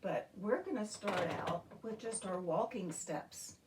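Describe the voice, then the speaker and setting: A woman teaching a children's music and movement lesson in a gentle, encouraging way. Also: medium pitch, far from the mic, background noise. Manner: slow, gentle, encouraging, talks to young children.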